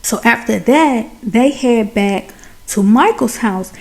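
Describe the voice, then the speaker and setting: A woman's voice: on the high side, lively intonation, measured pace, creaky, darkish tone. A woman giving a chatty, colloquial recap of a film, retelling scenes with drama. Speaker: film reviewer.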